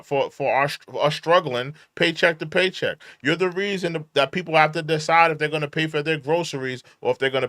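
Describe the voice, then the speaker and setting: A man's voice: mid-range voice, a bit bright, dry recording. A man hosting a reaction commentary show, ranting and heckling in a repetitive, exasperated way. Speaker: political commentary host.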